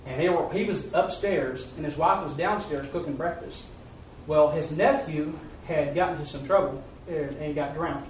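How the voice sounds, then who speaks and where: A male preacher delivers a mission report as sermon storytelling, speaking at a moderate pace with a fairly high voice and almost no pauses. His telling is folksy and repetitive, rising to emphatic peaks. The mic sits far off in an echoey hall, with faint background noise.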